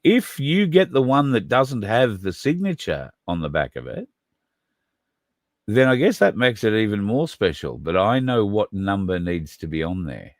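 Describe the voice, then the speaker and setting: Low-voiced man rambling on a livestream. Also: very animated, normal speed, no room sound, clean studio sound. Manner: rambling, conversational, addresses viewers by name. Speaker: podcast host. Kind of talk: casual livestream talk.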